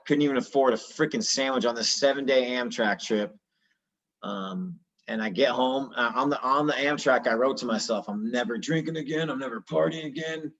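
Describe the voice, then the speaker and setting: A man's voice: mid-range voice, fairly bright tone, muffled recording. A man in his thirties candidly telling his own story in a casual, slangy, earnest way. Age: 30s.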